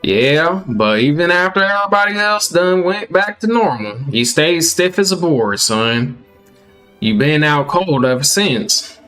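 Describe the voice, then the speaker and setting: A man's voice: on the high side, animated, a little slow, fairly bright tone, soft background music, pitched above the performer's own voice. A man voicing a hospitable old country father in a put-on Southern US drawl, folksy and drawling.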